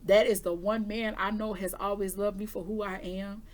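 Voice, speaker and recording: A woman's voice: mid-range voice, little pitch movement, moderate pace. A woman who does intuitive readings, telling her viewers a personal story in a candid, chatty way. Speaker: intuitive reader giving weekly forecasts.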